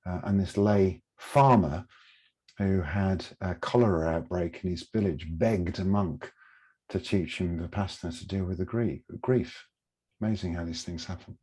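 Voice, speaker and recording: A man, a podcast guest, telling lively anecdotes in a casual interview and laughing at himself. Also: low-pitched, moderate pace, breathy edge.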